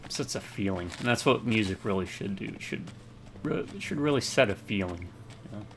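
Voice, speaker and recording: Gravelly, low-voiced man chatting over gameplay. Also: animated, a little fast, a bit bright, a little hiss or hum. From American South. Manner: rambling, chatty, self-deprecating. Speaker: let's play gamer. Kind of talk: casual gameplay commentary.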